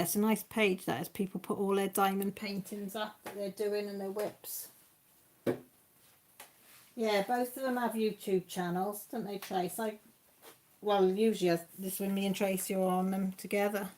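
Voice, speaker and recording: A woman's voice: mid-range voice, darkish tone. A woman chatting casually to viewers by name on a crafting live stream at home, rambling from one thing to the next.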